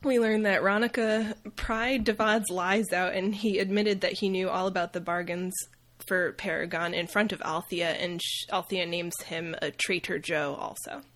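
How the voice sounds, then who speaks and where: A woman hosting a casual comedic book recap, wry and quick to laugh, tossing off quick voices for the characters. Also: on the low side, fairly even intonation, a bit bright. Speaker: podcast host recapping a novel.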